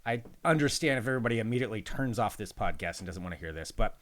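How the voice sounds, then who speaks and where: A man's voice: on the low side, lively intonation, racing. A man co-hosting a casual podcast from his spare bedroom, reading random facts with joking asides. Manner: jokey, reads facts aloud with playful asides. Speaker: podcast co-host. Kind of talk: casual chat.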